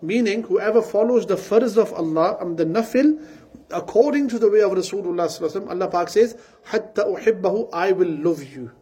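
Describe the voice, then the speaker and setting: A man preaching a sermon, telling a story earnestly and breaking into quick Arabic recitation. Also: sits high, warm tone, slightly rough.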